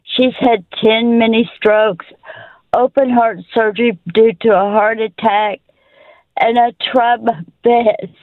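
A woman's voice: a little high, fairly even intonation, no room sound. Tearful, apologetic woman caller, tinny phone line, dry sound. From Georgia, USA. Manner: apologetic, halting. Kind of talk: phoning in to a radio show. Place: parked car.

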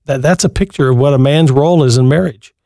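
A man's voice: mid-range voice, fast talker, creaky, warm tone, no echo, clean studio sound. A man hosting a Christian call-in advice show, talking to callers in a reassuring, folksy way. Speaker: radio call-in host.

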